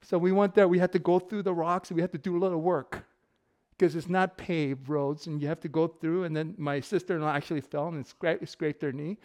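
Joking man preaching, slightly high voice. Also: steady tone, fairly quick, darkish tone. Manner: casual, joking, laughs often. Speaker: pastor. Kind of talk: sermon with personal stories.

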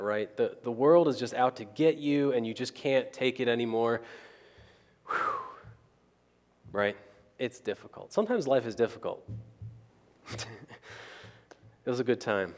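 A man's voice: mid-range voice, normal speed, pauses often, darkish tone. Man preaching in a reverberant hall. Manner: conversational, keeps asking the crowd "right?". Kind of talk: storytelling sermon.

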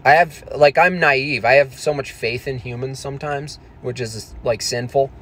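A man's voice: mid-range voice, normal speed, a bit bright. A man hosting a livestream, ranting casually in a crude, mocking, sweary way. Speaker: livestream host.

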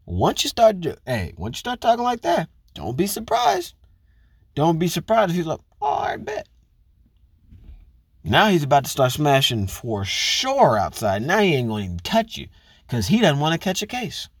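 Blunt, lecturing man with lively pitch. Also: normal speed, slightly rough, dry recording, clean studio sound. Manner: talks straight to women listeners, rhetorical questions. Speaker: commentator on relationships. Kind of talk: casual monologue.

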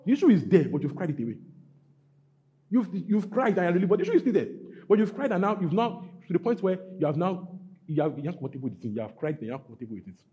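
A man preaching a sermon, his pitch swinging widely as he presses each point. His voice is warm and mellow. He repeats his phrases and climbs to loud exhortations. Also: sing-song, fast, muffled recording. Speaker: pastor.

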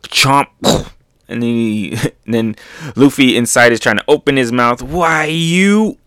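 A man's voice: medium pitch, moderate pace, clean tone, no room sound, clean studio sound. A man casually reading through a comic chapter, adding his own sound effects and laughing as he goes. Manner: animated, makes sound effects, laughs often. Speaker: manga reaction host.

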